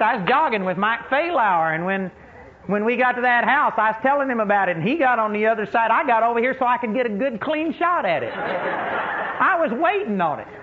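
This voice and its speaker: A man preaching a sermon, telling folksy stories with emphatic punch and frequent laughter. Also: high voice. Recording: tinny phone-like recording with faint hiss.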